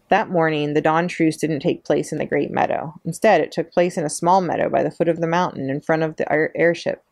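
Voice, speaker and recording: Low, gravelly woman reading a bedtime story. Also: a little mellow, no echo. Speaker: children's librarian. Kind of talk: bedtime story read aloud.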